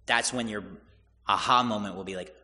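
A man's voice: fairly low pitch, normal speed, bright, forceful tone, big-room sound. A male preacher retelling scripture in a conversational sermon, with casual asides. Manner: conversational, paraphrases with asides and chuckles.

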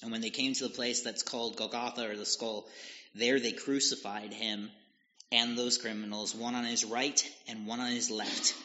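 A man preaching a sermon, slowly retelling a scripture passage and explaining it, in a deliberate manner. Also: medium pitch, little pitch movement, bright, forceful tone. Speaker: pastor. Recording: dull lo-fi audio with long hall reverb.

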